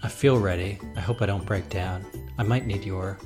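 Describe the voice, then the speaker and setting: A comedy show co-host trading dry, sarcastic jokes in quick banter. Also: low-pitched, music in the background.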